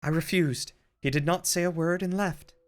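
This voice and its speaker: A man's voice: fairly high pitch, fairly even intonation, normal speed, voice pushed up, natural voice. A man doing a young British lady's diary. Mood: earnest. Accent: shaky put-on British, slipping into Irish. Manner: reading a diary aloud in a put-on voice. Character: young upper-class woman diarist, yearning, rebellious.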